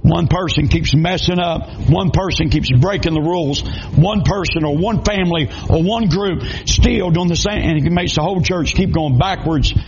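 Gravelly high-voiced Southern preacher. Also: male voice, normal speed, hardly any pauses, a little mellow, a little hiss or hum. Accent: Southern American (Georgia). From South Georgia, USA. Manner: folksy storytelling, humorous, raising voice to preach. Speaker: pastor. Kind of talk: sermon. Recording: dull lo-fi recording.

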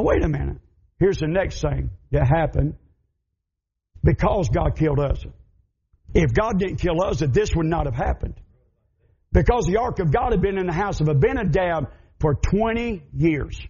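A man with a Southern American accent preaching a fervent sermon, emphatic and building up to shouts. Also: high-pitched, slightly rough, highs cut off.

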